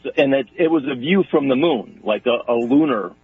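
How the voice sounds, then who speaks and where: Husky man on a tinny phone line. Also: mid-range voice, moderate pace. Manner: storytelling, hesitant with fillers. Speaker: guest entrepreneur. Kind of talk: phone-in radio interview.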